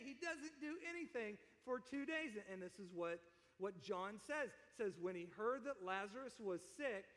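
A man preaching a sermon in a conversational, animated way, often asking his listeners questions. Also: very high-pitched, in a large hall. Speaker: pastor.

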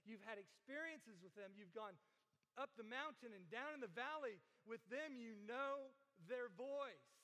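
A man's voice: very high voice, expressive, a little slow, sharp tone, long reverb tail, rough recording. A male pastor preaching a sermon to a congregation, earnest, repeating phrases and stretching key words. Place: church hall with audience.

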